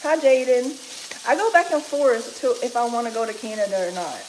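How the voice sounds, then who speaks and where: A woman's voice: fairly high pitch, lively intonation, brisk, a little hiss or hum. A woman with a Kentucky accent, chatting casually with viewers while she cooks in her home kitchen and laughing often. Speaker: livestream cooking host. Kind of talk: casual livestream chat while cooking. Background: sizzling pan.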